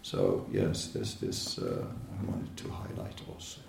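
A man giving an informal spiritual lecture, talking in a conversational, halting way with many fillers and laughing asides. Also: a bass voice, big pitch swings, vocal fry, darkish tone, distant mic, a little hiss or hum. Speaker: spiritual teacher. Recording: echoey room, voice from off-mic.

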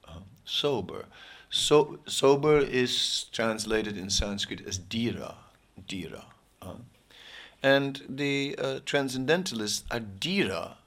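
A man giving an informal, rambling sermon, joking often and pausing with many fillers and restarts. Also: mid-range voice, lively intonation, a bit bright. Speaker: spiritual teacher.

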